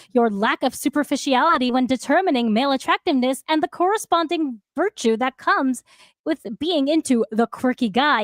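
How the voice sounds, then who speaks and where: A woman with a high voice reads her own prepared essay aloud as a podcast co-host. She keeps to long, careful sentences and trips over a word here and there. The sound is close and dry, with no room around it. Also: no room sound. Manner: reads in long, measured sentences, stumbling on words now and then.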